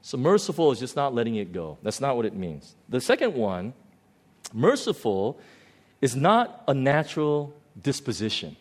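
A man preaching a sermon in a conversational, storytelling way, swinging between loud outbursts and quiet, low passages. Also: very animated, normal speed. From lives in Hong Kong. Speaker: pastor.

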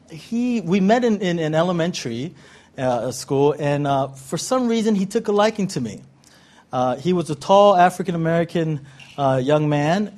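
A male guest preacher from Southern California speaks to a church with a playful, teasing manner. His voice sits somewhat high for a man. He moves between prayer and light-hearted storytelling. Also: darkish tone. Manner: playful, joking with the audience. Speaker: guest pastor. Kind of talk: sermon.

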